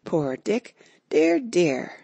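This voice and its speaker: A woman voicing an old miserly man who exclaims excitedly over the past. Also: low voice, extremely slow, husky, no echo, exaggerated voice.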